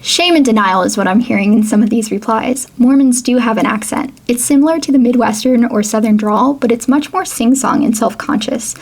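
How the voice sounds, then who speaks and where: A woman's voice: fairly high pitch, a little fast, hardly any pauses, a little mellow. A woman hosting an educational video, chatty as she reads quotes and comments. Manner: chatty, reads quotes aloud, laughs now and then. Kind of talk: casual educational vlog narration.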